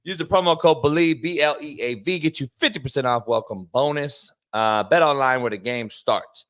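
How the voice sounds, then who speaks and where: This sports talk show host has a mid-range, fairly bright voice. Loud, casual and profane, he reads sponsor ads and alternates between elongated, emphatic words and rapid bursts, with a brash attitude throughout.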